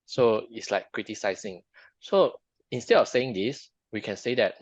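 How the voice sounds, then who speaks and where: Low-voiced man discussing a book, halting. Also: expressive, dry recording. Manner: halting, repeats words often. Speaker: podcast co-host. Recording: dull lo-fi dry sound.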